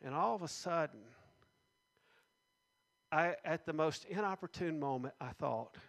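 A middle-aged man telling a personal testimony to a gathering in an indoor hall. He speaks earnestly and drops soft and low at the heavy parts. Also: a little slow, gravelly.

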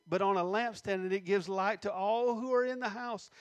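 High-voiced emphatic male preacher. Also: no room sound. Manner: emphatic, reads scripture slowly, asks the congregation questions. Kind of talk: sermon.

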